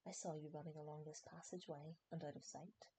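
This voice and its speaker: A woman's voice: low-pitched, steady tone, fast, dark tone, a little hiss or hum, rough recording. A woman voicing a cold, vengeful male potions professor in an audiobook reading, sneering and menacing.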